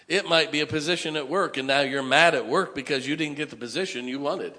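A man's voice: a little high, lively intonation, moderate pace, fairly bright tone. A middle-aged man preaching a sermon as pastor, folksy and joking, sometimes mocking whiny voices.

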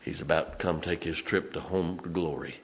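Male pastor, very low voice, folksy sermon stories, faint room hiss. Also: brisk. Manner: folksy, swings from loud to hushed. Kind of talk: storytelling sermon. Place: church sanctuary.

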